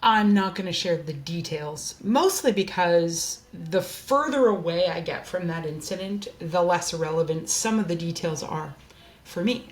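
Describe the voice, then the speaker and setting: A woman's voice: on the low side, a little hiss or hum. A woman hosting a candid personal monologue from her desk, speaking in an earnest, open and heartfelt way. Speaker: host.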